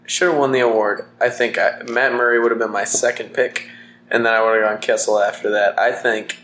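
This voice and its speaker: A man's voice: lowish voice, steady tone, a little fast, a bit bright. A young man co-hosting a podcast in casual chat, laughing easily, teasing, and laying out his arguments. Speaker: podcast co-host. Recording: echoey room with faint noise.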